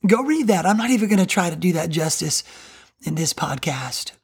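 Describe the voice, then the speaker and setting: A woman giving earnest, emphatic Bible teaching on a podcast, slowing down to read scripture aloud. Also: fairly low pitch, animated, a little mellow, breathy edge.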